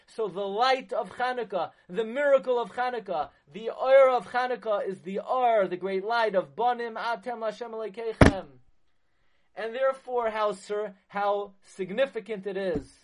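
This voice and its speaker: A man delivering an impassioned sermon as a rabbi, mixing Hebrew terms into English and rising to loud emphasis. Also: high voice.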